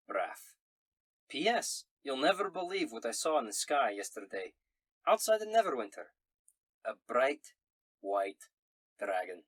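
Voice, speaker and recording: A man voicing a vain, boastful male dwarf in a put-on Scottish accent, reading a letter in a hammy, jokey way with a husky voice. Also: on the low side, a bit bright, dry recording, exaggerated voice.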